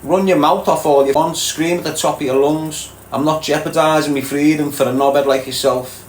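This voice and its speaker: A man's voice: a little high, steady tone, brisk. Scouse male streamer, blunt and streetwise, in an echoey room with faint background noise. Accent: Liverpool (Scouse). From Liverpool, England. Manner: blunt, streetwise, addresses chat as mate and lad. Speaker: livestream host answering viewer comments. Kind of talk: casual livestream chat.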